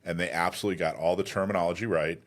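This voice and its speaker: A man hosting a radio show. His voice is very deep, and he works his way toward each question haltingly, with frequent "uh"s and restarts. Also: fairly even intonation. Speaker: host. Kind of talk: casual radio interview.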